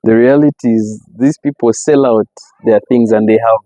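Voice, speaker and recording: A man's voice: mid-range voice, fairly even intonation, moderate pace, dark tone, dry recording. A young man, speaking as a podcast guest in casual interview talk and explaining his points with everyday examples. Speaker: podcast guest, company CEO. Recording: slightly muffled, dry.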